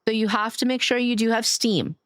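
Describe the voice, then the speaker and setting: A woman's voice: fairly high pitch, steady tone, a little fast, clean tone, dry recording, studio quality. A woman streamer chatting casually while gaming, affectionate and gushing, cursing now and then.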